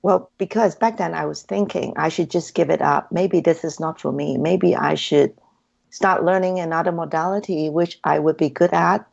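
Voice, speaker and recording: This low, gravelly woman's voice has a darkish tone and moves at a normal speed. She's a hypnotherapy practitioner appearing as an interview guest, earnestly sharing her story and voicing her own inner dialogue. The recording sounds dull and lo-fi.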